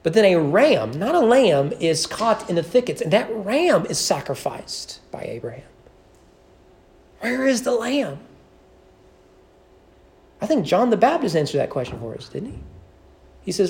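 A man's voice: high voice, big pitch swings, a little slow, pauses often, a little mellow. A male pastor delivers a Sunday sermon from a church sanctuary. He speaks with earnest emphasis, stacking repeated phrases. He slips in the occasional dry joke.

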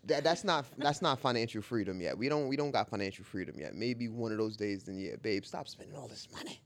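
A man's voice: lowish voice, animated, a little fast, gravelly. A man co-hosting a casual podcast, talking animatedly, exclaiming and repeating himself. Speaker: podcast co-host. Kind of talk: casual chat.

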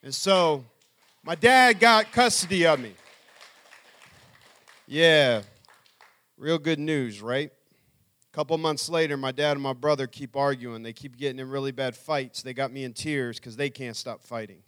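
A man's voice: mid-range voice, moderate pace, fairly bright tone, clear, resonant tone. A middle-aged man telling his life story to an audience as a speaker, earnestly acting out what people said. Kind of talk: personal testimony talk.

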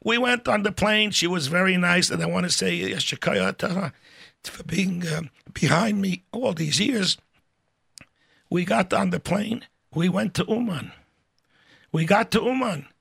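An older man telling stories in a casual, animated way, acting out the voices of people in them. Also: high-pitched, unhurried, gravelly, breathy edge. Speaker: storyteller guest. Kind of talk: casual spoken storytelling.

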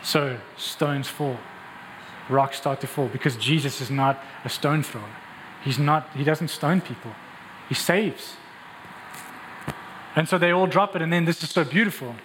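A man preaching a sermon, telling the story in an animated, emphatic way. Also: on the high side, unhurried, long pauses, long reverb tail, slight background noise, low-quality recording. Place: church hall.

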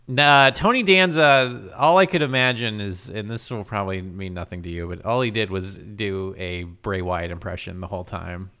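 A man co-hosting a casual film review chat, joking and breaking into loud impressions. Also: fairly low pitch, fairly even intonation, moderate pace, hardly any pauses, smooth. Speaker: podcast co-host.

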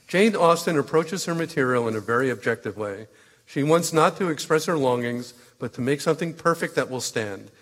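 An actor reading letters as a stern, opinionated literary critic who lectures and corrects. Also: male voice, a little high, animated, a little fast, a bit bright. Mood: lecturing. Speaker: letter reader. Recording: long hall reverb.

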